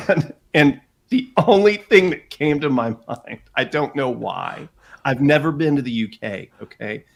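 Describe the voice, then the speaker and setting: A man, a guest telling animated anecdotes in a casual chat, with frequent asides. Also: medium pitch, unhurried, gravelly. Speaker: guest author. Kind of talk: casual storytelling.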